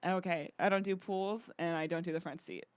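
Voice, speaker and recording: A woman's voice: fairly low pitch, fairly even intonation, brisk, clean tone. A young woman co-hosting a comedy podcast, telling a story animatedly in casual chat and swearing a lot. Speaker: podcast co-host.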